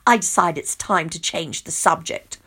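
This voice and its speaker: A woman's voice: sits low, moderate pace, bright, forceful tone, slightly rough. A woman narrating an audiobook in first person, exasperated, sarcastic and sweary.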